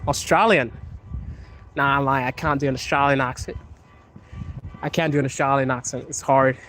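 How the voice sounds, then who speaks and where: A man's voice: medium pitch, level tone, brisk, a bit bright, slight background noise. A young man from Africa livestreaming outdoors as he walks a cold city street, joking casually with viewers and laughing often. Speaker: livestreaming vlogger.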